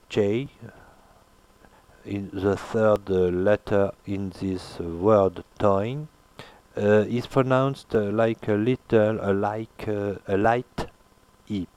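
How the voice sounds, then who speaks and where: Slow, hesitant man teaching. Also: fairly low pitch, darkish tone, clean tone, dry recording. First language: French. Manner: hesitant, many filler pauses, repeats words slowly to model sounds. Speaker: language teacher. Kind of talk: pronunciation lesson.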